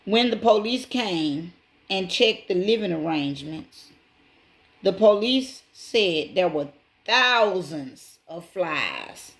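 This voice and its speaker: Slow, low-voiced woman talking to viewers. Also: very animated. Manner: slow, emphatic, repeats key points; addresses viewers directly as y'all. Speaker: channel host. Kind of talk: casual true-crime retelling to viewers.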